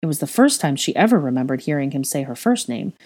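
A woman narrating a fan fiction audiobook in a steady, even storytelling manner. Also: low voice, fast talker.

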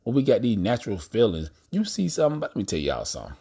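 A man's voice: lowish voice, wildly swooping pitch, fast, vocal fry, mellow, husky. A man hosting a podcast, talking to his listeners in a blunt, profane, casual monologue. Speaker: podcast host.

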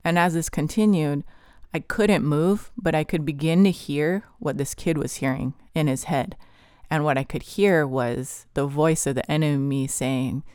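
Podcast host, earnest testimony, vivid retelling, smooth clear voice, dry close sound. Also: mid-range voice, a little slow, darkish tone, no echo. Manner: earnest, vivid, with frequent "like" fillers. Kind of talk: personal testimony storytelling.

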